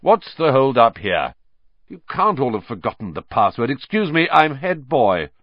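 A man's voice: medium pitch, sing-song, normal speed, dry recording, pitched above the performer's own voice. A man voicing a pompous, self-important teenage head boy who talks in a bossy, officious way, on a dull lo-fi audiobook recording.

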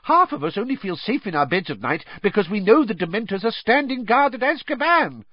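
A man's voice: high voice, big pitch swings, fairly quick, slightly rough, dry recording, pitched above the performer's own voice, exaggerated voice. A man voicing a stubborn, angry middle-aged male minister of magic who blusters pompously. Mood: outraged shouting. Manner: blustering, pompous, indignant shouting. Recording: dry, dull lo-fi recording.

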